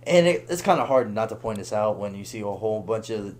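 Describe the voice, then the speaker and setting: A young man telling a long story on a podcast in a casual, animated way, laughing and acting out the voices of the people in it. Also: fairly low pitch, fast talker. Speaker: podcast guest.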